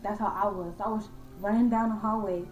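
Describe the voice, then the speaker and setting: A woman's voice: medium pitch, fast talker, recorded from a distance, highs cut off, soft background music. Young woman telling a story, roomy echo. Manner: animated, acts out her own scared voice; slangy, talks to viewers as y'all. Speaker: vlogger. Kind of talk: casual storytime. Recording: echoey room from off-mic.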